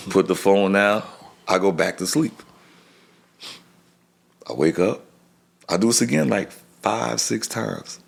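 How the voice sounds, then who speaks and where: Low, gravelly-voiced grieving father. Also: animated. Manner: halting, restarts phrases, often acts out what people said. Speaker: podcast guest. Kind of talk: personal storytelling in a podcast interview.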